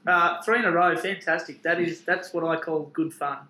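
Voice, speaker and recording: A man's voice: a little high, fairly even intonation, moderate pace, bright, forceful tone. A man with an Australian accent, a podcast co-host bantering in a jokey, upbeat way and reading sponsor ads. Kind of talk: casual banter. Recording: echoey room with faint hiss.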